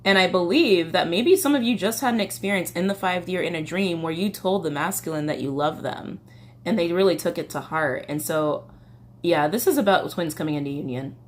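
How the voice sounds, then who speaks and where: A woman reads tarot in a relaxed, chatty style, swearing as she goes and reading song lyrics aloud, with a slight cough. Her voice is lowish and she talks a little fast.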